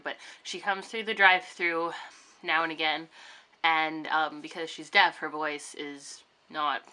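A woman's voice: deep voice, sharp tone. A young woman vlogging in her bedroom, chatting casually and rambling with lots of fillers. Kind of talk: casual vlog chat. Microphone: camera on a tripod facing her.

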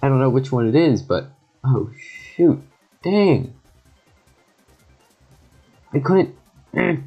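A young man giving casual, joking gameplay commentary with quick excited reactions and sarcastic asides. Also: medium pitch, breathy edge, dull audio. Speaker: gaming YouTuber. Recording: faint background music.

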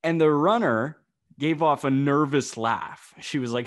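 A man co-hosting a podcast, telling an anecdote in a casual, animated and exasperated way. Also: mid-range voice, unhurried. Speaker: podcast co-host. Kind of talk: casual chat.

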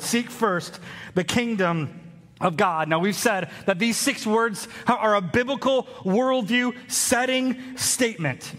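A man's voice: high voice, fairly bright tone. A man, preaching a sermon as pastor in a conversational storytelling way. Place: large church hall. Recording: hall reverb.

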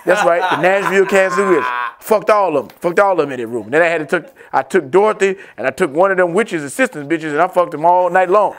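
A man voicing a loud, boastful middle-aged dad who talks bossy and blustering. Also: high voice, quick pace, hardly any pauses, natural voice.

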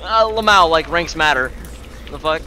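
Young guy on a game call, defensive and annoyed, bright voice that jumps around a lot. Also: on the high side, lively intonation, moderate pace, slight background noise. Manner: exasperated, defensive, curt comebacks. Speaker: streamer's teammate. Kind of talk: casual gaming chat.

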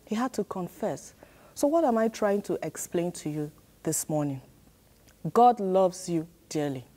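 Teaching a sermon for children at church, a woman uses a warm voice in the middle range. She leans on repetition and emphasis, prompting the kids with call-and-response to answer her and repeat what she says.

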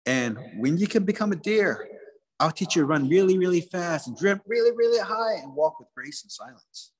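A man doing a gentle talking buck. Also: high-pitched, lively intonation, normal speed, a little hiss or hum. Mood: coaxing. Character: gentle male buck deer, kindly advisor.

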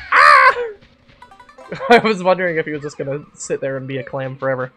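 A woman's voice: deep voice, expressive, a little fast, pauses often, sharp tone, soft background music. A woman chatting casually while streaming a game, rambling and joking with plenty of swearing. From Canada. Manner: rambling, jokey, swears freely. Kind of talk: casual gaming stream chat.

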